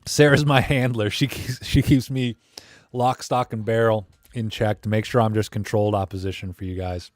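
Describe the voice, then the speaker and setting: A man's voice: fairly low pitch, steady tone, normal speed, no room sound, clean studio sound. A man hosting a live camera stream, rambling and joking as he reads chat comments aloud.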